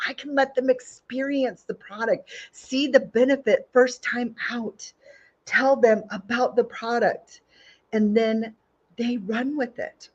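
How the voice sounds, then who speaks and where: A woman's voice: fairly high pitch, dull audio. A woman giving an earnest motivational talk, asking her audience question after question and repeating phrases for emphasis. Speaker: Mary Kay sales director giving a recruiting talk.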